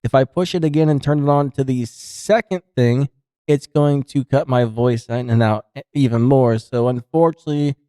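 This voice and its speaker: Relaxed man reviewing gear, dark tone. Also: medium pitch, normal speed, clean tone, no room sound, studio quality. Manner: relaxed, chatty explaining. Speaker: product reviewer. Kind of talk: casual product review demo. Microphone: studio broadcast microphone.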